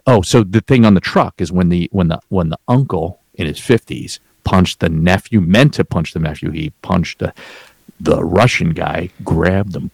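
A man's voice: sits low, vocal fry, a little mellow, slightly rough, no echo. A man telling a rambling, profanity-laced work story in casual chat, with frequent restarts.

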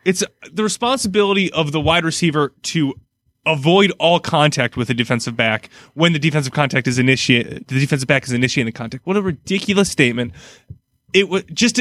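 A man's voice: a little high, quick pace, fairly bright tone, no room sound, studio quality. A middle-aged man co-hosting a casual sports podcast, rambling and laughing often as he vents his frustration.

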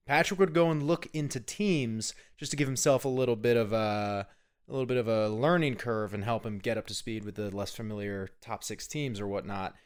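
A man co-hosting a casual sports podcast, pitching segments and teasing his co-host. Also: a little fast, smooth. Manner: upbeat, promotional, teasing. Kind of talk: casual chat.

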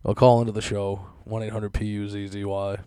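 A young man hosts a podcast, laughing at his own lines as he delivers a casual, sarcastic, profanity-laced rant. His voice is lowish, clear and resonant, with a warm, level tone and a brisk pace. There's no echo.

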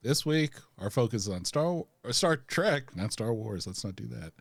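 A man's voice: medium pitch, big pitch swings, normal speed, vocal fry, no echo. Man, podcast co-host, playful mock-grand delivery, very dry close sound. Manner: playful, mock-lofty wording. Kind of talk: casual chat and mock-grand show intro.

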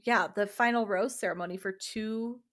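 A young woman co-hosting a casual podcast, bubbly and quick to laugh while recapping a reality show. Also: mid-range voice, steady tone, fairly bright tone. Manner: bubbly, laughs often, many fillers. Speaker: podcast co-host.

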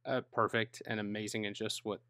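A man's voice: fairly low pitch, little pitch movement, a little fast, sharp tone, clear, resonant tone, no room sound, studio quality. A man in a casual movie discussion, earnest and opinionated, talking in long stretches.

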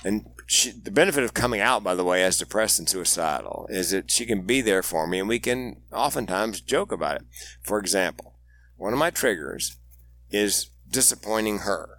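A man's voice: lowish voice, animated, moderate pace, a bit bright, no room sound. A man speaking as a guest on an interview podcast, telling candid stories with dry humor. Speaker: guest, suicide prevention speaker.

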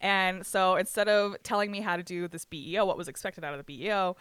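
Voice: medium pitch, fairly even intonation, fast talker, fairly bright tone, clean tone, no room sound. A speaker telling a work story in a casual chat, swearing freely and acting out what each person said, with laughs along the way. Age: adult with ten years of banquet work. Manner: swears freely, acts out quoted dialogue, frequent laughs.

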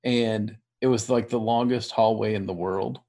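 A man telling a long story in casual chat, rambling and animated, laughing now and then. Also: lowish voice, normal speed.

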